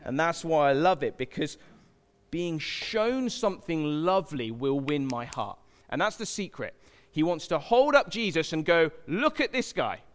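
A man's voice: a little high, a bit bright, long reverb tail. A man preaching a sermon in a chatty, joking way, often checking in with the congregation. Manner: chatty, joking, asks the congregation frequent "okay?".

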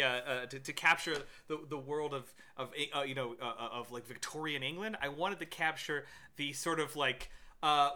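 A man co-hosting a casual podcast, often halting and searching for his words. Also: on the high side, bright, forceful tone. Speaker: podcast co-host.

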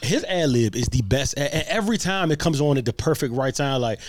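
A man's voice: mid-range voice, expressive, no room sound. A man co-hosting a podcast, rambling in casual slang with frequent restarts. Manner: quick, rambling, stumbles over restarts. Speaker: podcast co-host. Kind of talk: casual chat.

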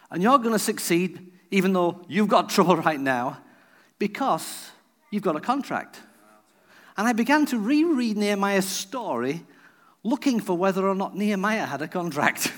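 A man preaching a sermon as a visiting preacher, telling a personal story and acting out the people he quotes. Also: sits high.

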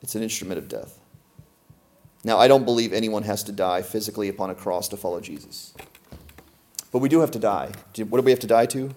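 A man's voice: fairly low pitch, fast talker, pauses often, darkish tone. A man preaching a sermon to a congregation, emphatic and full of rhetorical questions. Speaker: pastor.

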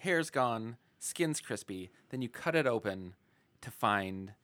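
A man's voice: mid-range voice, lively intonation, takes it slowly, fairly bright tone. A man co-hosting a casual podcast, joking and giving vivid descriptions. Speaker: podcast co-host.

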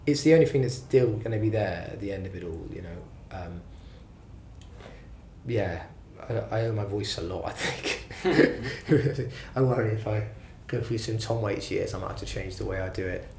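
A man's voice: lowish voice, normal speed, gravelly, darkish tone, slight background noise. A man who is a singer-songwriter, telling his story in a rambling, self-deprecating way during a casual interview. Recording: roomy echo, faint ambience.

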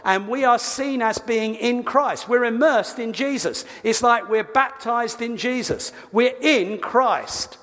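A man preaching a sermon, lively, with quick asides and self-corrections. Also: extremely high pitch, long reverb tail. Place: church.

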